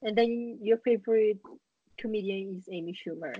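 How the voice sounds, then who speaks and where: A woman's voice: mid-range voice, normal speed, slightly rough, dry recording, muffled recording. Teasing young woman, dry close sound. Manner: teasing, playfully probing questions. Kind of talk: casual chat.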